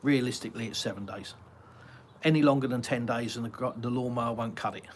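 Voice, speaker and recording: Hosting a casual live Q&A from his garden, an English man from Britain answers viewer chat, reading comments aloud and rambling chattily with plenty of ums and uhs. He speaks fast at medium pitch, against a little hiss or hum.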